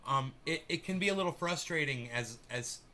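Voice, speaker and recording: A man's voice: fairly high pitch, animated, moderate pace, pushed and bright, slight background noise. A male podcast host chatting casually, rambling, laughing and swearing freely. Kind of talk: casual chat on a live audio room.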